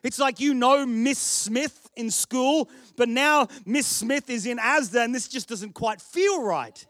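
A man's voice: very high voice, slow, fairly bright tone, no echo, clean studio sound. A man with an Australian accent, a pastor preaching a sermon in a chatty, storytelling way with self-deprecating humour.

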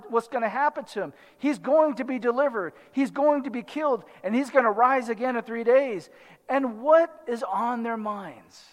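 In a large hall, a man preaches with a very high, fairly bright voice. He is a pastor keeping things conversational, often checking in with the congregation through repeated "right?" asides.

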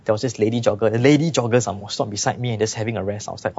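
A man preaching, his voice gravelly and a little husky. He talks in a relaxed, conversational way, full of "you know". The recording sounds dull and lo-fi. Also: fairly low pitch, quick pace. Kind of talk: sermon.

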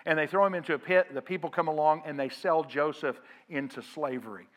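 Preaching a sermon, this male pastor calls for his congregation to answer out loud, alternating forceful emphasis with soft asides. He speaks briskly, at a fairly high pitch.

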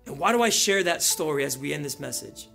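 A male pastor preaching a sermon, telling a story and building to loud emphatic peaks. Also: a little high, animated, a little fast, vocal fry, soft background music.

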